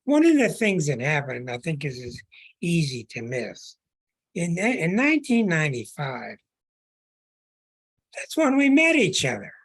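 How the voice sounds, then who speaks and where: Slow, husky-voiced astrologer man. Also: on the high side, wildly swooping pitch, fairly bright tone. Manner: earnest, preaching, stretches words for emphasis. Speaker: astrologer and show host. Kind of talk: podcast monologue.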